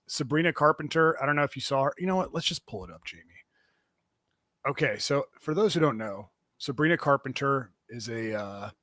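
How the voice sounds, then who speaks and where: A man's voice: fairly high pitch, a bit bright, no echo, clean studio sound. A man hosting a comedy podcast, rambling through casual banter with plenty of fillers and restarts. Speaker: podcast host.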